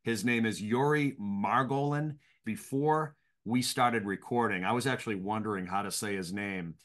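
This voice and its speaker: A man hosts a podcast interview with a fairly low voice. He talks in an upbeat, conversational way as he introduces his guest and asks questions. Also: normal speed, a bit bright. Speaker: podcast host.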